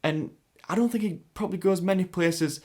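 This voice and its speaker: A man's voice: high voice, fairly quick, darkish tone. A man with a Sheffield accent giving casual commentary, hesitant with many restarts. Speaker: YouTube commentator.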